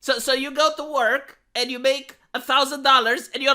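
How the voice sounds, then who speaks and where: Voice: high voice, steady tone, normal speed, sharp tone. A commentary streamer from Romania with a Romanian accent, talking sarcastically and mockingly with many restarts.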